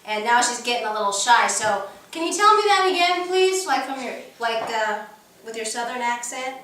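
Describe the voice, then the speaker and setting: A woman from California presenting her own recipe in a casual home cooking demo, talking in an earnest, chatty way with many pauses and fillers. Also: on the high side, lively intonation, sharp tone. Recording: very echoey room, mic at a distance.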